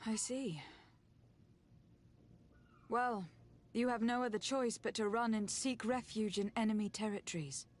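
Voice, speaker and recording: A woman voicing a composed female envoy in video game dialogue, measured in her speech. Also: a little high, lightly acted.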